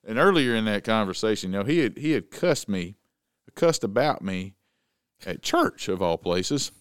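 Animated man telling a story. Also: fairly low pitch, normal speed, smooth, no echo, clean studio sound. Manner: animated, acts out the quotes. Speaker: show host telling a story. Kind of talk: casual storytelling chat.

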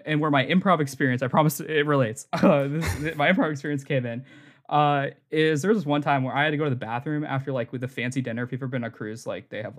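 A young adult man telling a rambling, comic story on a podcast, full of "like" and quick laughs. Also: mid-range voice. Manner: rambling, laughs often, heavy use of filler "like". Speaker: podcast co-host. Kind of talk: casual comedic storytelling.

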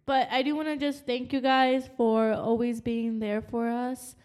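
A woman's voice: on the high side, measured pace, clear, resonant tone. A woman co-hosting a podcast in casual chat, talking through a stuffy nose, swearing and laughing as she tells stories. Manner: swearing, laughing, animated storytelling. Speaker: podcast co-host. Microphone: studio mic.

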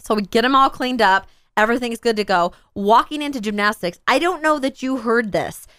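With a slightly high voice and a fairly quick pace, a woman in her thirties recounts a funny family story in casual conversation. She animatedly performs the voices of a child and others along the way. There's no echo on the recording.

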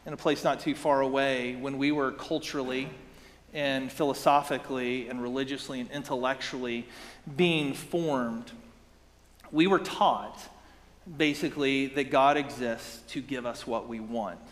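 A man's voice: mid-range voice, fairly even intonation, measured pace. Preaching man in a reverberant hall. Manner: conversational preaching with rhetorical questions. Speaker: pastor. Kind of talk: sermon.

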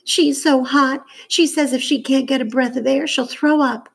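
A woman's voice: high voice, fairly even intonation, moderate pace, gravelly, husky, pitched above the performer's own voice, exaggerated voice. Woman voicing a fretful young girl. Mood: anxious. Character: anxious fretful girl, older sister figure.

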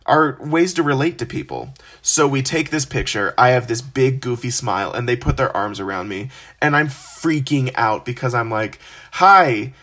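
Young male podcast host, casual storyteller, animated and self-deprecating. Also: mid-range voice. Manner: animated, self-deprecating, acts out quoted voices.

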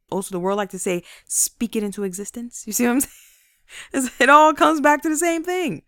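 A woman host giving an energetic, preachy motivational talk straight to her listeners. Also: fairly high pitch, fairly quick, no echo, studio quality.

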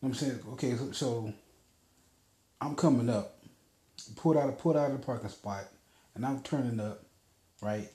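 A man's voice: medium pitch, moderate pace, pauses often, dark tone, roomy sound. A man hosting a podcast, telling a casual story in a rambling, profane way with lots of fillers. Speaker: podcast host.

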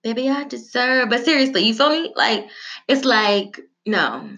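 A woman giving a prayer and a sermon-style talk, chatty and animated, with slang and asides. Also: on the high side, unhurried. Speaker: devotional speaker. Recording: dull lo-fi sound with faint music.

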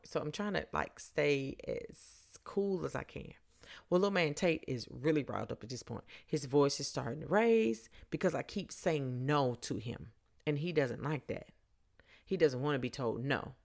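A woman with a very low, gravelly voice hosts a podcast, telling a story in a casual, blunt way. Her delivery is dry and sarcastic, and deep fry crackles through her phrases. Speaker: podcast host.

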